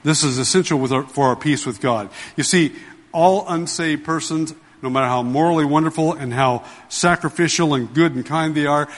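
A man's voice: fairly high pitch, in a large hall. A man preaching a sermon, emphatic, repeating key phrases and putting questions to his listeners, whom he calls "dear ones.". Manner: emphatic, asks the congregation questions. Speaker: pastor.

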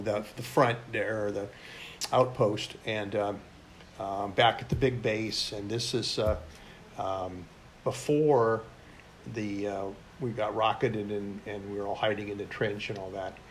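A man's voice: fairly low pitch, a little hiss or hum. An older military veteran telling his service stories in an interview, rambling and blunt with frequent restarts. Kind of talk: oral history storytelling.

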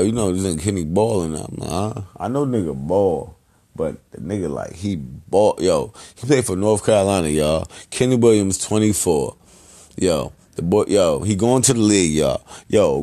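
A man hosting a podcast, giving loose, rambling shout-outs in heavy slang and profanity. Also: low-pitched. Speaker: podcast host.

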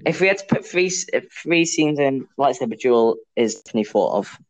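A man's voice: medium pitch, lively intonation, a little fast, rough recording. A young man, co-hosting a casual podcast chat, joking and hesitant, full of fillers and restarts. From England. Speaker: podcast co-host.

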